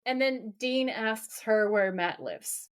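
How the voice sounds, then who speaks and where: A woman's voice: a little high, takes it slowly, clear, resonant tone. A woman co-hosting a podcast, recapping a TV episode in casual chat with lots of laughter. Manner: giggly, animated, laughs often. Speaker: podcast co-host.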